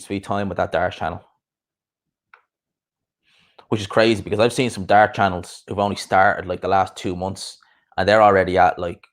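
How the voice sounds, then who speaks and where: Chatty young man, fairly low voice. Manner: rambling, chatty, quick asides and laughs. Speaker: YouTube boxing streamer. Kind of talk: casual live-stream chat.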